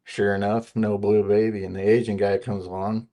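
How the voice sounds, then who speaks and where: A man with a fairly low voice talks loosely on a live panel stream, laughing often as he rambles through anecdotes and jokes. The delivery is casual and unpolished. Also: level tone, normal speed, dark tone. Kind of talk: casual chat.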